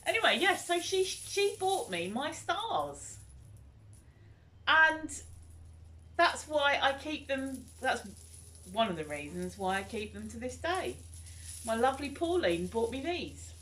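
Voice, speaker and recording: A woman in her fifties chatting casually as a vlogger, animated and nostalgic as she reminisces. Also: high voice, slow, pauses often. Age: 50s.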